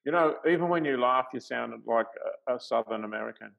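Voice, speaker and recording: A man's voice: mid-range voice, brisk, gravelly, fairly bright tone, rough recording. A middle-aged man hosting a talk show as a life coach, thinking aloud in a conversational way and chuckling easily.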